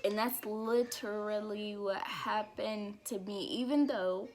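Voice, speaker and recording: A woman's voice: medium pitch, fairly even intonation, takes it slowly. A young woman vlogging a heartfelt personal faith testimony, emotional and laughing now and then between thoughts.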